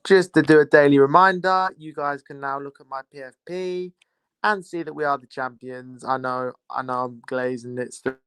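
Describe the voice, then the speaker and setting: A man's voice: medium pitch, level tone, moderate pace, bright, forceful tone, smooth, no room sound. A young man, casually chatting and teasing his viewers while hosting a live football watchalong. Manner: chatty, teasing banter with chat. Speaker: livestream host.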